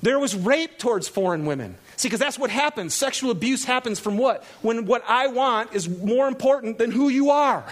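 A man preaching a lively sermon, laughing often and acting out the people in the story. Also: very high-pitched, moderate pace, hardly any pauses. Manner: animated, laughing, acts out quoted characters. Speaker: pastor.

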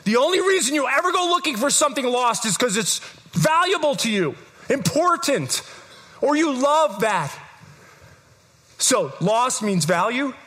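A man preaching a live sermon to a congregation, emphatic and repetitive, building to shouts. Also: extremely high pitch, sing-song, a little slow, husky. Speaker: pastor. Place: church service, in front of a congregation.

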